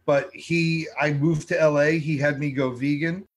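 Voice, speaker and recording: A man tells stories in a relaxed interview, voicing the people he quotes. His voice sits a little high for a man. His delivery is lively and conversational. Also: normal speed. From New York. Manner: animated storyteller, acts out quotes. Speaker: TV food show host, guest.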